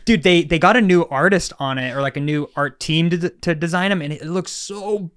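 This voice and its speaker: A man co-hosting a casual podcast, animated and laughing, with a lot of fillers and swearing. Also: fairly high pitch, normal speed, clean tone, no echo, clean studio sound. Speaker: podcast co-host. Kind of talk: casual chat.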